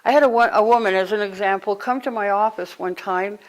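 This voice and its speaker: A woman acting as a spiritual teacher speaks to a live group, conversational and animated, telling stories and breaking into sudden exclamations. Her mid-range voice is brisk, and the audio is poor.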